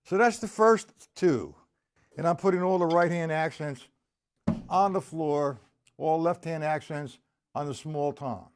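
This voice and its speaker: A man's voice: on the high side, a little slow, a little hiss or hum. A man teaching drums on a live stream, explaining step by step and talking straight to viewers by name in a blunt, informal way. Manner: blunt and informal, with the odd curse. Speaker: drum teacher. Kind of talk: live-streamed drum lesson.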